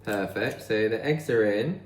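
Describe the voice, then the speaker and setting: A man's voice: fairly low pitch, a little slow, reverberant, a little hiss or hum. Chatty man baking at home. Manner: chatty, rambling, thinks aloud while baking. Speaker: vlogger. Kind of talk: casual chat. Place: home kitchen.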